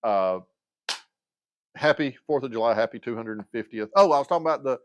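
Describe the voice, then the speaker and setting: A man in his fifties hosts a casual livestream chat in a mid-range voice, talking fairly quickly with no echo. He rambles and loses his train of thought, hesitantly filling gaps with lots of uhs and restarts.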